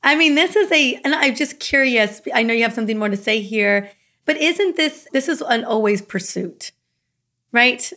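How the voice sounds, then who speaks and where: A woman's voice: on the high side, expressive, moderate pace, bright, forceful tone. A woman hosts an interview conversation. She asks her questions with curiosity, hedging and circling back with casual fillers. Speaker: host.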